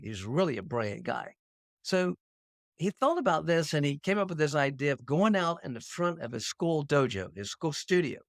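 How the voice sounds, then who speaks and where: An older man hosting his own show, telling an anecdote to camera in an animated storytelling manner. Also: no room sound, clean studio sound. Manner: animated anecdote-telling, pitch leaps on punchlines. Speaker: host.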